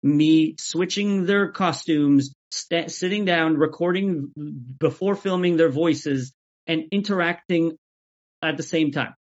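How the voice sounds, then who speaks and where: A man talking as an interview guest about making sketches, even-keeled and often restarting his sentences. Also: fairly high pitch, slow pace. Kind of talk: casual interview chat. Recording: dull lo-fi audio.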